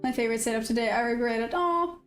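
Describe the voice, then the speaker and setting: A woman's voice: fairly high pitch, fast, faint music behind. A South African woman trading live on stream, chatting casually and answering viewers' messages. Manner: chatty, reads chat aloud and answers viewers. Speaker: livestream day trader.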